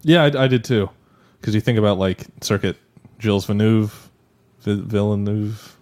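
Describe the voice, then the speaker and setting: A man's voice: on the low side, steady tone, normal speed, a little mellow. A man co-hosting a casual podcast, laid-back and agreeable. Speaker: podcast co-host. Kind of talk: casual chat.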